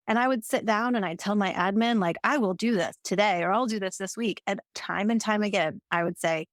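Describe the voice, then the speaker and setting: A woman talks as a podcast guest, thoughtful and empathetic, turning questions over as she speaks. Her voice sits at a middle pitch with a dry, close sound. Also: moderate pace, few pauses, dry recording. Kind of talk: reflective conversational interview talk.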